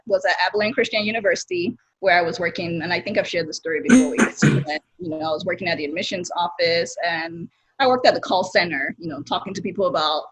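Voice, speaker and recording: Over a video call, a Nigerian woman with a Nigerian accent joins a group discussion, talkative and openly sharing personal stories. Her voice is lowish, a bit bright and husky, and the recording is rough.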